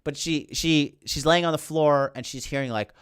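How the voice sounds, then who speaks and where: Indignant, foul-mouthed podcast host. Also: male voice, fairly high pitch, normal speed, smooth, no echo, clean studio sound. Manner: animated, indignant, heavy swearing and fillers. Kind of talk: casual profane movie recap.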